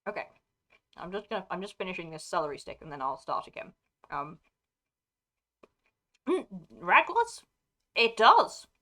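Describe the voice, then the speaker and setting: Chatting with a live audience, a British woman speaking received pronunciation wanders from thought to thought, breaks off partway through sentences, and keeps laughing. Her lowish voice swoops wildly in pitch, pushed and bright, at a normal speed with long pauses.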